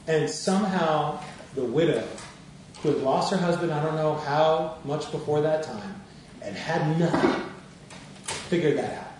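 A man's voice: a little high, moderate pace, distant mic, a little hiss or hum. Man preaching in an echoey room. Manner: conversational, laughing storyteller. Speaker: minister. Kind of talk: sermon with personal story.

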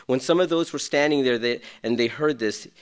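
A man preaching a sermon, swinging between loud, urgent passages and hushed, near-whispered ones. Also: mid-range voice, brisk, clean tone. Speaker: pastor.

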